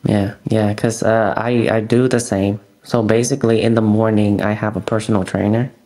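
A man's voice: lowish voice, level tone, normal speed, warm tone. Attentive man interviewer. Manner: attentive, laughs, frequent backchannel. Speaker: interview host. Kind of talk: casual interview.

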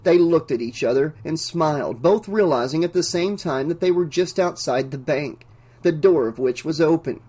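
Slightly rough and a little high, a man's voice reads an audiobook, telling the story in a measured, even way.

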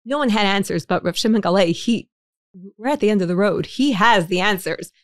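A woman's voice: mid-range voice, lively intonation, brisk, dry recording, studio quality. A woman from Montreal, a guest in an interview, telling a personal story in an earnest way, often repeating words and restarting phrases. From Montreal, Canada. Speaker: interview guest, bereaved mother.

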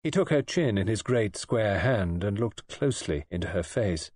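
A man reading a mystery novel aloud as audiobook narrator, in a measured, even manner. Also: lowish voice, husky. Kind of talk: scripted narration.

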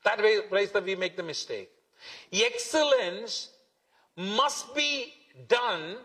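A pastor with a high, fairly bright voice preaches a sermon in a church hall, emphatic and repetitive, stretching key words. The recording carries long hall reverb.

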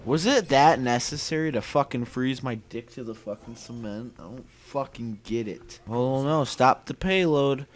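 A man's voice: medium pitch, moderate pace, hardly any pauses, slight background noise. A young man commentating his own shooter gameplay, swearing often and breaking into frustrated outbursts. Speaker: gaming YouTuber.

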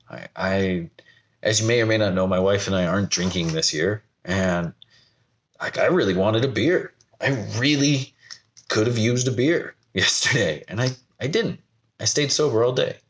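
A young man from the United States talking candidly to camera in a vlog, rambling and laughing at himself. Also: on the low side. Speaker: vlogger. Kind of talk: personal talk to camera.

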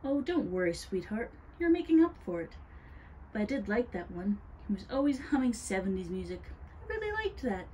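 A woman's voice: big pitch swings, brisk, a little mellow, slight background noise, natural voice. A woman voicing a gleeful, cruel witch in a sugary, mocking tone. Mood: sweetly sinister. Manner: sugary, mocking, pitched up high.

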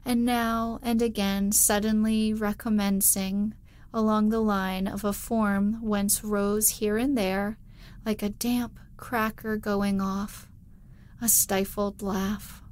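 A woman reading a classic novel aloud as a soothing bedtime story, softly and hushed, sometimes sinking to a whisper, close to the mic. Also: mid-range voice, level tone, slow pace. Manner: soft, hushed, drifting into whispers. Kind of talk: slow, soothing sleep-story narration.

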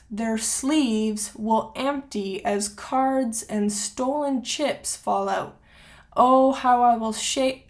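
A woman hosting a devotional channel, talking casually and then reading a prophetic word aloud with earnest, dramatic emphasis. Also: a little high. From Canada. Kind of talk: devotional reading and prayer talk.

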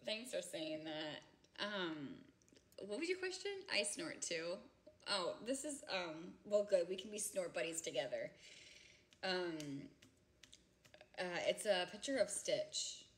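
A giggly woman in her thirties chats casually with viewers on a livestream from home. Her voice is lively and swoops up and down. She talks in a loose, chatty way. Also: on the low side, slow pace. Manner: giggly, chatty, breaks into loud laughter. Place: home, indoors.

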